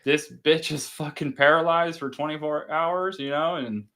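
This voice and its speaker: A man's voice: on the high side, fairly even intonation, normal speed, pushed and bright. A man in casual chat, hosting and retelling a movie in a rambling, profane way. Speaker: podcast host.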